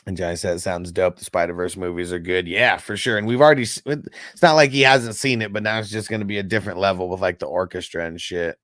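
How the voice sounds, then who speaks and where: Young man, low pitch, loose rambling livestream chat, cursing, dry sound. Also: quick pace, hardly any pauses, fairly bright tone, dry recording. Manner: loose, rambling, swears a lot. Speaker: host. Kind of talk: casual livestream chat, reading comments.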